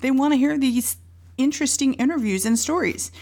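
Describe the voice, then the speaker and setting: A woman guest telling a story in casual chat, animated, with sound effects and quoted voices. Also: high-pitched, a little fast.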